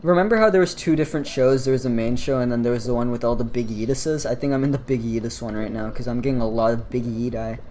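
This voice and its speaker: A man's voice: medium pitch, fast, hardly any pauses, darkish tone, a little hiss or hum. Joking American guy streaming a game. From United States. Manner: laughs often, swears freely, rambling and joking with chat. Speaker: gaming streamer. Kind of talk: casual live-stream chat while playing.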